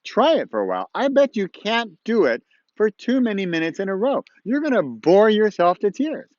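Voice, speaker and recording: A man's voice: high voice, big pitch swings, moderate pace, a little mellow, no room sound, dull audio. A man hosting his own show in casual, encouraging talk, chatty and rambling with playful asides, recorded outdoors at dawn. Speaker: host of a motivational podcast-vlog.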